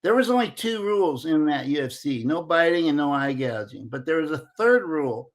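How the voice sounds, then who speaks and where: A man in his sixties, an interview guest telling a lively anecdote and acting out the dialogue. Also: on the high side, a little fast. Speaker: interview guest, former Olympic wrestler. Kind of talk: casual storytelling.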